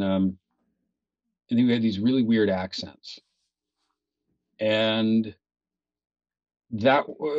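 A middle-aged man from Los Angeles, a guest actor telling a story in a casual podcast interview, animated and swearing freely as he acts out his own thoughts. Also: lowish voice, no room sound. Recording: dull lo-fi recording.

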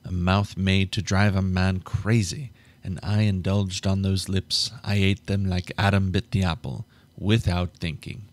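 Deep-voiced male narrator for a live audiobook read, measured and steady. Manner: measured, restarts flubbed lines.

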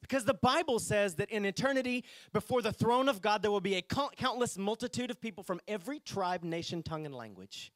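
Male pastor preaching to his congregation, expressive high voice, dry close mic. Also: a little fast, hardly any pauses, dry recording. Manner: animated preaching, reads scripture aloud and addresses congregation. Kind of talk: sermon. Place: church sanctuary.

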